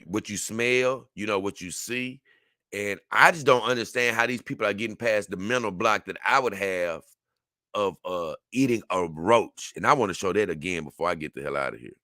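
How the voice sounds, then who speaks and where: A man giving casual, animated reaction commentary, exclaiming and laughing as he talks. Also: fairly low pitch, normal speed, dry recording, studio quality. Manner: animated, exclaiming and laughing, dips into mock voices. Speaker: video reactor.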